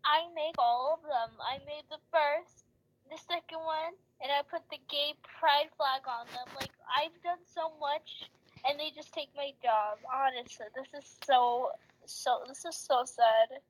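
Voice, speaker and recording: A woman's voice: sits high, steady tone, measured pace. A teenage girl chatting casually on a livestream with a friend, in a mumbly, sulky, self-pitying way. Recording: noisy home mic.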